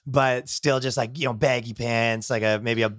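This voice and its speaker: A man's voice: mid-range voice, fairly even intonation, moderate pace, a bit bright, no room sound, clean studio sound. A man from Canada hosting a casual podcast chat, rambling and padding his sentences with filler words. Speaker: podcast host.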